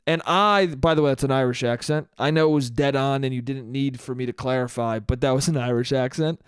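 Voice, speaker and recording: A young man hosting a solo podcast, telling stories in an animated, profane, self-mocking way. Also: mid-range voice, brisk, hardly any pauses, smooth, no echo, clean studio sound. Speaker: podcast host. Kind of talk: solo comedic storytelling.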